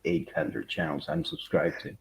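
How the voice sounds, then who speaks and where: A man whose first language is not English, co-hosting a podcast in casual chat, relaxed and quick to laugh. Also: a bass voice, creaky, crowd noise. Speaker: podcast co-host. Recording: dull lo-fi sound.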